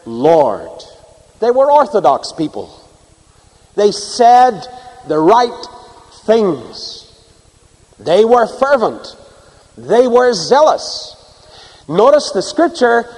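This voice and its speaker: Man preaching with sweeping dramatic pitch. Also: long reverb tail, poor audio. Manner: dramatic swings from loud emphasis to hushed asides. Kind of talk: sermon. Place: church before a live congregation.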